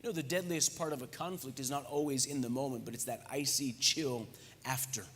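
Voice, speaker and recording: Joking preacher in an echoey church. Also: male voice, mid-range voice, a little fast. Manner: lively, joking, conversational preaching. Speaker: pastor. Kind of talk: sermon. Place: church hall. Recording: echoey church hall reverb.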